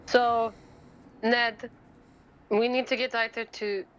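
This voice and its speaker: A woman's voice: on the high side, flat delivery, slow pace, fairly bright tone, rough recording. Woman chatting as a tabletop player. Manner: chatty, switching between character speech and table talk. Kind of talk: casual tabletop play.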